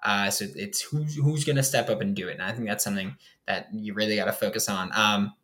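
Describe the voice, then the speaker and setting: A young man hosts a casual sports podcast, breaking down his team's football roster in a loose, rambling way full of fillers. His voice is fairly low, fairly quick, bright and forceful.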